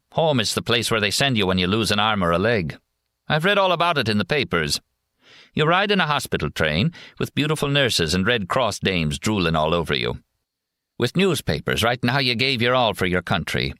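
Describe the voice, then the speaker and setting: A man's voice: on the low side, very animated, moderate pace, pushed and bright, no room sound, studio quality, pitched above the performer's own voice. A man voicing a sardonic young male soldier who mockingly describes a hero's homecoming. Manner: sarcastic, mock-cheerful storytelling.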